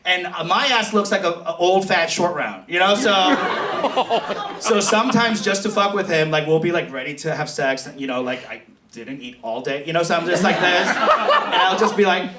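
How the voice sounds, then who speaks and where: A man's voice: high voice, normal speed, very noisy. A man doing a confessional stand-up comedy set on a theater stage. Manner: bawdy, confessional, animated storytelling. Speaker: stand-up comedian and show host. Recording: echoey theater from far off, loud crowd laughter.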